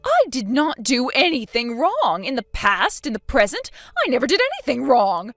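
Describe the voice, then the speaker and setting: A woman reads a scheming elderly grandmother in a texting story. She sounds indignant and self-pitying, always defending herself. The voice sits a bit high with lively swings, dry and close, over faint music. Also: moderate pace, dry recording, heavily acted.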